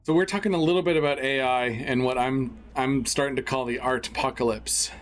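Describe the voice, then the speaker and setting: A man's voice: medium pitch, steady tone, fairly quick, soft background music. Joking podcast co-host man. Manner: joking, playful wordplay. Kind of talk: casual chat.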